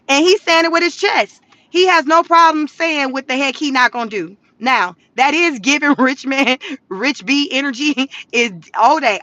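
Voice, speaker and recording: Animated high-voiced Southern woman. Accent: Southern American. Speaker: commentary vlogger. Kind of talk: casual commentary to viewers.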